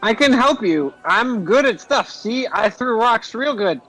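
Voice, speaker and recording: A man's voice: very high-pitched, animated, a little slow, a bit bright, soft background music, heavily acted, rough recording. A man voicing a small, eager male goblin adventurer in a tabletop game who rambles and brags. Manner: rambling, eager and self-assured.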